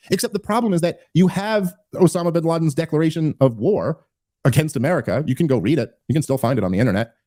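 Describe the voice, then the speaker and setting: A man hosting a podcast, giving casual political commentary in an animated, emphatic way with frequent restarts and fillers. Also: on the high side, very fast, no room sound, studio quality. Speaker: podcast host.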